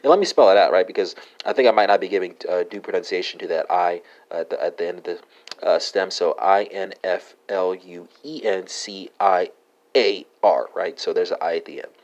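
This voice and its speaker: A man hosting a solo language lesson, halting with many fillers as he spells out verb forms letter by letter. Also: sits low, darkish tone, muffled recording. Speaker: language podcast host.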